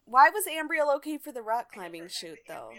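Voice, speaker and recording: Young woman briskly recapping a show. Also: high-pitched, sing-song, fairly bright tone. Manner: brisk, summarizing episode beats. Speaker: podcast co-host. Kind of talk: casual recap chat.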